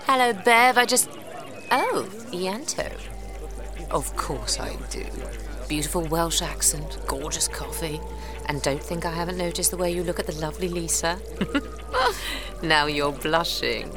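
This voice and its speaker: A woman's voice: low voice, unhurried. An actress playing a breezy, flirtatious woman who runs a secret agency, talking in a teasing, playfully commanding way in an audio drama. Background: music score.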